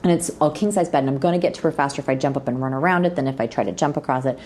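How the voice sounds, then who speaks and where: A middle-aged woman, a podcast guest, telling frank and playfully crude stories in an animated way and jumping into the voices of the people she quotes. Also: rapid-fire, slight background noise. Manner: lively, acts out quoted people with big pitch jumps. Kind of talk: animated storytelling in a podcast interview.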